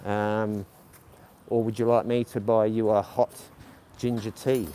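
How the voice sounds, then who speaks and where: A man's voice: fairly low pitch, little pitch movement, a little slow, mellow. A man with a stutter hosting a casual walking livestream, rambling with many ums and firing back sarcastically at his chat. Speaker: livestream host. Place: outdoors on city streets. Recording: faint street noise behind.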